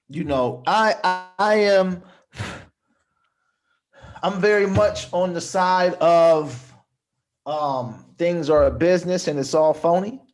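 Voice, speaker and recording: A man and comedian in casual podcast chat who drifts into a mock-preacher delivery and halts with fillers when talking plainly. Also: fairly high pitch.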